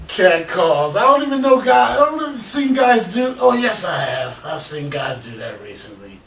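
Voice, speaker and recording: A man's voice: sits high, very animated, moderate pace, gravelly, fairly bright tone, echoey room, distant mic. A man chatting offhand as the show's host after a comedy clip. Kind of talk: casual commentary.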